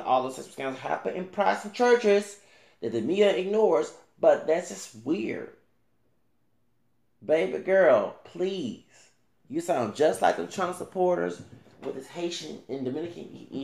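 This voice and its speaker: A man's voice: fairly high pitch, lively intonation, measured pace, vocal fry, a little mellow, reverberant. A man ranting casually to camera as a YouTuber, rambling with many restarts and fillers and talking back directly to another creator.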